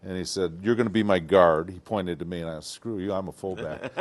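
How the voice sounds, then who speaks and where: This older Detroit man, once a football player, speaks in a low voice, fairly quickly and with few pauses, during a casual interview. Full of energy, he acts out quotes and frequently breaks into laughter.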